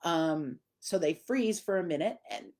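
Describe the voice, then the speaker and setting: A woman's voice: fairly low pitch, expressive, measured pace, darkish tone. A middle-aged woman from Canada, a dog trainer explaining training in a conversational way and briefly acting out what dogs and owners say. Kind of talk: instructional talk.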